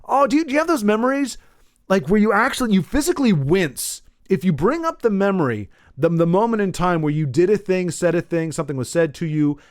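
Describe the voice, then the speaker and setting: A man's voice: high-pitched, expressive, brisk, dry recording, clean studio sound. A man hosting a comedy podcast, telling rambling stories with self-deprecating asides and lots of trailing off. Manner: pained yelps while wincing. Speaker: podcast host.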